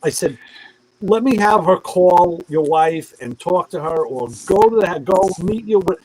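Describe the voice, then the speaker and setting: A man's voice: sits high, unhurried, a little hiss or hum, low-quality recording. A middle-aged man telling a long anecdote in casual chat, acting out the voices of the people in it. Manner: animated storyteller who acts out quoted voices.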